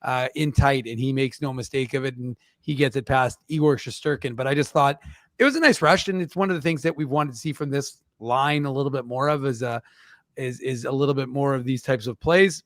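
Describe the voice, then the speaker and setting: A man's voice: medium pitch, a little fast, fairly bright tone, no room sound, clean studio sound. A man co-hosting a casual hockey post-game show, bluntly critiquing defensive play and laughing easily.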